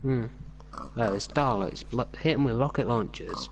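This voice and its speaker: A man's voice: medium pitch, moderate pace, vocal fry, slight background noise. A young man hosting a casual podcast, rambling with many fillers and restarts. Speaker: podcast host. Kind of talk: casual chat while gaming.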